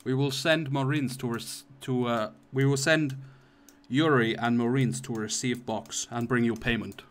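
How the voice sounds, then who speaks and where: A man's voice: medium pitch, steady tone, unhurried, natural voice. A man putting on a clumsy Russian accent to voice a curt male starship captain in a tabletop game, speaking in broken, clipped English. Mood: clipped formal. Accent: Russian, put on badly.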